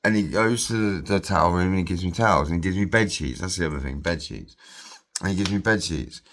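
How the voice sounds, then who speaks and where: Deep-voiced man, swearing storyteller. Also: fast, a bit bright, slight background noise. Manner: swears freely, repeats himself. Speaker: vlogger. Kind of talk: rambling personal storytelling.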